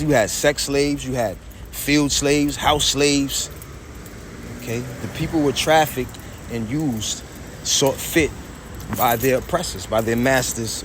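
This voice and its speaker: A man's voice: mid-range voice, background noise. A man vlogging outdoors, rambling in a heated, preachy way, quoting scripture and trailing off into mutters. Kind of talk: rambling street vlog with scripture quotes.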